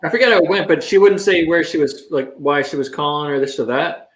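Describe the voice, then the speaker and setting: A man's voice: on the high side, a little fast. Man rambling an anecdote, echoey room. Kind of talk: casual chat. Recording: roomy echo with faint hiss.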